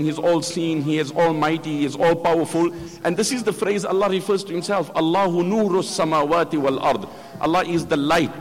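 A man giving religious commentary on a scholar's talk, measured and emphatic, quoting Arabic verses. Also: a little high, in a large hall.

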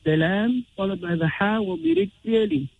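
A man teaching Quran recitation rules, explaining slowly and chanting drawn-out example verses. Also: high-pitched, huge pitch swings, vocal fry, no echo. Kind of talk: tajweed lesson with recited examples. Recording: tinny phone-like radio sound.

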